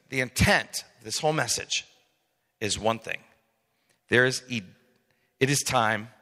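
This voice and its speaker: Animated pastor preaching in a hall. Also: male voice, on the high side. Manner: animated, swinging from soft asides to loud emphatic peaks. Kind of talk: sermon.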